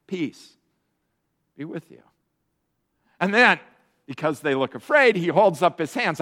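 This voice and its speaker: A middle-aged man preaching a sermon as pastor, retelling the story with animated storytelling and briefly voicing its people. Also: high voice.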